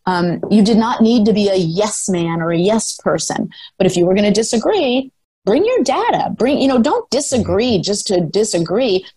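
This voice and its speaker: Assured older woman, husky and dry. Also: medium pitch, animated, normal speed, mellow, dry recording, low-quality recording. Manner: articulate, emphatic, self-assured storyteller. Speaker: guest, former sports executive. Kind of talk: storytelling in a podcast interview.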